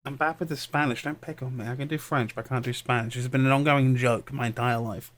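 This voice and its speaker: Male podcast co-host, quick and jokey, self-deprecating. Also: mid-range voice, fairly even intonation, a bit bright. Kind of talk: casual chat.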